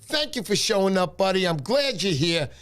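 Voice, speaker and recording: Tired high-voiced man hosting a fishing livestream. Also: big pitch swings, normal speed. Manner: friendly, shouts out viewers by name. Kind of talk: casual livestream chat.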